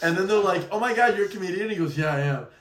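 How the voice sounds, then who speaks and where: A man's voice: sits high, very fast, reverberant, distant mic, slight background noise. A young man co-hosting a podcast, telling stories animatedly and laughing often. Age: young adult. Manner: animated storyteller, laughs a lot. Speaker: podcast co-host. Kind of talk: casual chat, storytelling.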